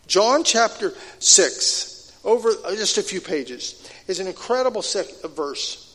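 A man preaching a sermon, dropping to hushed asides and then building to loud, emphatic declarations. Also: high voice, lively intonation, measured pace. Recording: long hall reverb.

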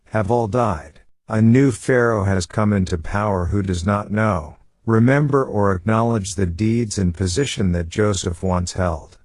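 A man reading Bible commentary aloud in a measured, steady way. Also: fairly low pitch, no room sound. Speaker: Bible study reader.

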